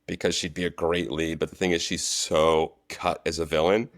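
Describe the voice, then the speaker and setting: A man telling set stories as a guest, relaxed and chatty in a casual interview. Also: rumbling low, normal speed, no room sound, clean studio sound. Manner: animated storyteller, relaxed and chatty. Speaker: guest, actor and stunt coordinator.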